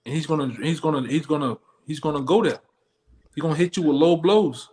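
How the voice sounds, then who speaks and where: Male street preacher, slightly high voice, blunt and slangy, challenging. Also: brisk, darkish tone. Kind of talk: street-style sermon.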